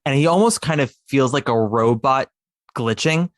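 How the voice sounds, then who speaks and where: A man's voice: medium pitch, normal speed, no room sound, clean studio sound. A man chatting eagerly as a podcast guest, rambling with many fillers and restarts. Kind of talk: casual chat about musical theatre.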